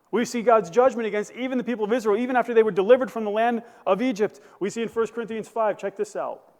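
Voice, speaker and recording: A man's voice: high voice, fast talker, a little mellow, in a large hall. A male pastor preaching a sermon, building to emphatic bursts and asking the congregation questions. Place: church sanctuary.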